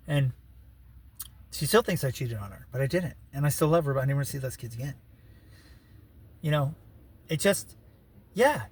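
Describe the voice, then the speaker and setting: A man's voice: on the high side, slightly rough. A man rambling through a personal story in a casual vlog, full of "you know" and "right", with wry laughing asides. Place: living in his vehicle.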